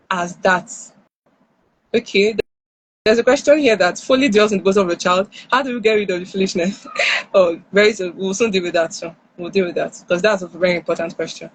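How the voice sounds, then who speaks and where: A woman's voice: medium pitch, husky, rough recording. A woman with a Nigerian accent giving parenting advice on a live stream, acting out what parents and children say. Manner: animated, acts out parent and child lines. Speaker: parenting speaker. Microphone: phone or headset on a live stream.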